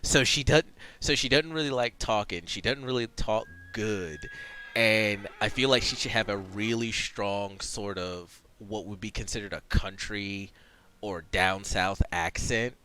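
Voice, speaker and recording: A man's voice: on the low side, a little slow, bright, forceful tone, a little hiss or hum. A man casually reading and commenting on a role-playing game, rambling with lots of fillers and restarts. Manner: rambling, many fillers and self-corrections. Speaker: let's play streamer.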